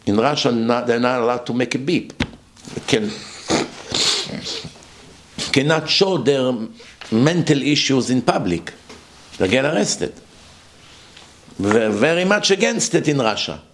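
A man's voice: mid-range voice, animated, a little slow, pauses often, a little hiss or hum. A man giving a sermon-style lecture as a rabbi, emphatic and full of rhetorical questions, with his voice swinging up and down for effect.

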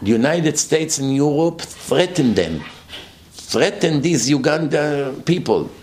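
A man's voice: a little high, animated, slow pace, darkish tone. A man giving a sermon-style lecture as a rabbi, emphatic and full of rhetorical questions, with his voice swinging up and down for effect.

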